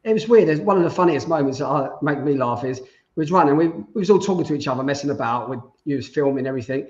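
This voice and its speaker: Fast-talking excited man, muffled sound. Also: on the high side. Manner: enthusiastic storyteller. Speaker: podcast co-host. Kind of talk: casual podcast chat.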